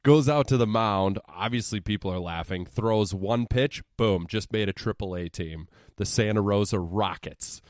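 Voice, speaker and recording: Young male podcaster, low voice, dry close sound; sarcastic, profane recap delivery. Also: normal speed, hardly any pauses, a little mellow, no room sound. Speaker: podcast co-host. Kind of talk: casual podcast movie recap.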